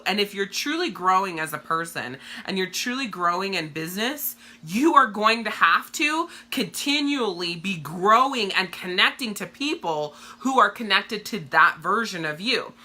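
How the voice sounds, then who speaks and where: Brief: woman, 30s, candid, profane live-stream coach with a bright, forceful, slightly low voice. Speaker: direct sales coach. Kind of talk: casual live-stream monologue.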